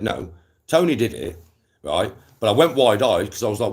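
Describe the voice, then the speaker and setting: A young man with a lowish voice rants to his live-stream viewers. He is animated and slangy, swearing freely as he chats. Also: fairly quick. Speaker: livestreamer.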